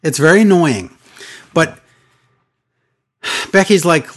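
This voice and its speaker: A man co-hosting a podcast, chatting casually and retelling scenes with excitable voice changes. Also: on the high side, moderate pace. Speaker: podcast co-host. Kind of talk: casual podcast chat recapping wrestling.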